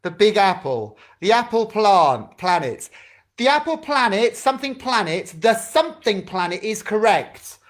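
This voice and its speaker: A man's voice: high voice, sing-song, unhurried. A man leading a drama club over a video call, chatty and encouraging as he fumbles with the setup.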